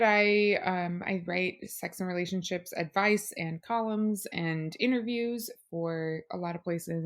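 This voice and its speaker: A woman appearing as a podcast guest in casual chat, speaking in a wry, dry and candid way. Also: lowish voice.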